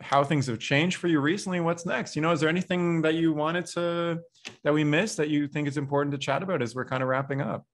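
A man's voice: fairly high pitch, fairly even intonation, quick pace. A man hosting an interview podcast, chatting casually and often breaking in with eager exclamations. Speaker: podcast host.

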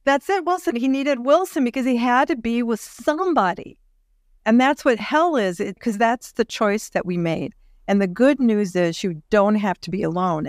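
A woman hosting a podcast interview, speaking in a reflective, measured way as she thinks aloud. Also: mid-range voice, no echo, clean studio sound. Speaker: podcast host.

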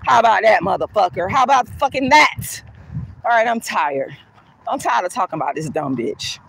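A woman's voice: mid-range voice, expressive, normal speed, gravelly, a bit bright, a little hiss or hum. A woman activist ranting to camera outdoors, heated, cursing and scornful. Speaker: colorism activist. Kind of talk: angry profane rant to camera.

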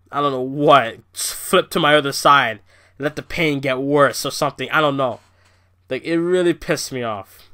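A young man from Canada rants through a casual review, swearing freely and getting worked up. His voice sits a little high and has a sharp, bright edge. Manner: profane, ranting, animated. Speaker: wrestling review vlogger.

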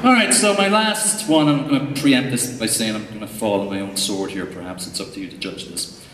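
A man's voice: fairly low pitch, fairly quick, background noise. A young Irish man giving a humorous, chatty conference talk as a tech coach, full of fillers and asides. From Ireland. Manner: jokey, chatty, lots of fillers. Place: large hall before an audience. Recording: echoey hall recording from far off.

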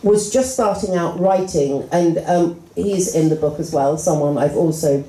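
A woman's voice: lowish voice, moderate pace, dark tone. A woman in her sixties, an author guest on a festival stage, rambling and self-mocking and often breaking into laughter. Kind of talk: live stage interview. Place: festival stage before an audience. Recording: roomy hall sound.

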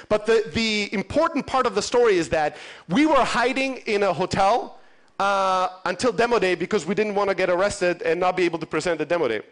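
A man's voice: high voice, fairly bright tone. A man from Europe in his thirties giving a conference keynote, telling stories in a punchy, profane way and acting out the dialogue. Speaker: conference speaker. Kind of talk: animated storytelling keynote. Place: conference stage.

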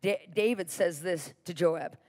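A woman TV preacher teaching from the Bible, telling the story with lively, animated delivery and acting out the characters' lines. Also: fairly low pitch, a little slow, dry recording, clean studio sound.

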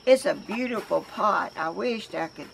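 Her voice is mid-range, gravelly, and expressive, and she takes her time. She's an older Southern-accented woman from Georgia, vlogging about crafts outdoors at home in a rambling, homey chat to camera, often restarting what she says, with slight background noise.

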